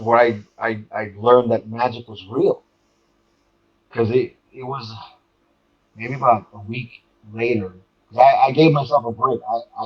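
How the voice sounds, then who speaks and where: A man with a mid-range voice tells an animated story as a guest, stumbling through restarts and repeated words in casual conversation. The highs in the recording are cut off.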